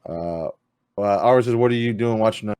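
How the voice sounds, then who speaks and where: A man with a fairly low, darkish voice speaks at a moderate pace, hosting a live-streamed gaming talk show as a podcast host. His casual chat is loose, full of fillers, with the odd swear word.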